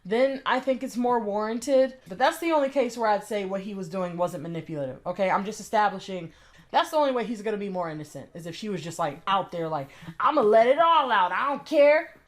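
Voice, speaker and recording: A woman's voice: medium pitch, fast. A woman giving a blunt, indignant ranting commentary, hammering her points with repetition. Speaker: commentary YouTuber.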